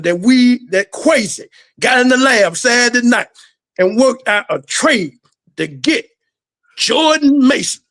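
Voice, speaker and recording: Man, high voice, podcast co-host, playful banter. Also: fairly bright tone. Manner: playful trash talk. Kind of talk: casual sports banter.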